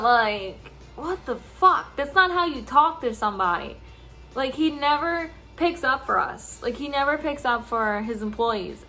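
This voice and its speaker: A young woman telling a casual storytime vent about her deli job, animated and swearing a lot, laughing as she acts out the people she quotes. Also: sits high. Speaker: deli worker.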